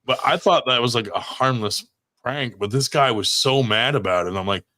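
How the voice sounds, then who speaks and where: A podcast co-host tells prank stories in casual chat, swearing often and laughing as he goes. His mid-range voice is pushed and bright, at a moderate pace.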